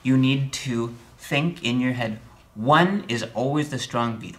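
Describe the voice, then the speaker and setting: A male music theory instructor at a middle pitch, talking through a recorded lesson in a chatty, slightly wry way. He keeps checking in with the viewer and calls out beat counts with strong emphasis on the downbeats. A faint hiss sits under the voice. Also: unhurried, a bit bright.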